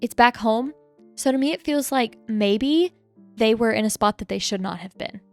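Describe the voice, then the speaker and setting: A young adult woman co-hosting a podcast, chatting in an excitable, easily spooked way. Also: a little high, moderate pace, gravelly, faint music behind. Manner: excitable, jumpy, easily spooked, reacts loudly. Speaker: podcast co-host. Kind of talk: casual chat.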